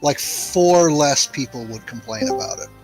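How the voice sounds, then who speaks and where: A man's voice: a little high, moderate pace, over music, rough recording. A man on a voice call during a game stream, explaining game details and joking around. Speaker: co-streamer friend. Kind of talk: casual gaming chat.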